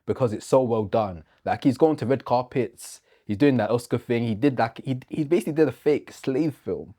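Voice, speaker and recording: A man co-hosting a casual chat about film and celebrity news, easygoing and quick with agreeing yeahs. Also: mid-range voice, mellow. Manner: easygoing, lots of yeahs and restarts. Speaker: co-host.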